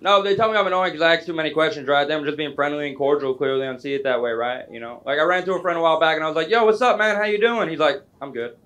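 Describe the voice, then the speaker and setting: A young man doing a stand-up comedy set on a club stage, chatty and self-deprecating, with quick asides to the crowd. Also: a little high, fairly bright tone.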